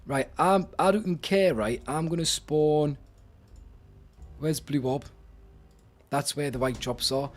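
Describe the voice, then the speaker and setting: A young man giving live commentary while he plays a video game, excitable and talking to himself. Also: on the high side. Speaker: streamer. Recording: game music in the background. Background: game music.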